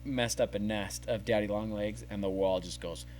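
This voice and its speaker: A man telling a story in casual podcast chat, animated and acting out the scenes. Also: lowish voice, moderate pace, soft background music. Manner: animated, acts out scenes with yelled quotes. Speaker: podcast co-host.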